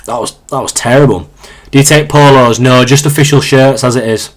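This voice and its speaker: A man's voice: medium pitch, steady tone, fairly quick. Chatty young Yorkshire man streaming. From Yorkshire, England. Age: 20s. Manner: chatty, reads out viewer questions, frequent restarts and fillers. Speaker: live streamer. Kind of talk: casual live-stream chat while gaming.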